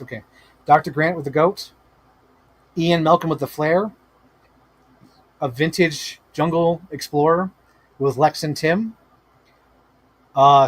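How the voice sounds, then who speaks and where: A man hosting a toy-collecting live stream at home, telling stories in a casual, animated way with lots of swearing and laughter. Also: on the high side, dry recording. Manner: animated, profane, laughing storyteller. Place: home room with toy shelves.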